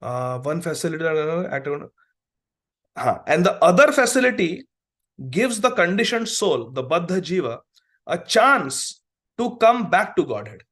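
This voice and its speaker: A man's voice: on the high side, lively intonation, unhurried, fairly bright tone. A middle-aged man, a preacher who is also a doctor, giving a devotional class lecture in an earnest, storytelling way. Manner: earnest, storytelling with acted quotes. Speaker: preacher and physician.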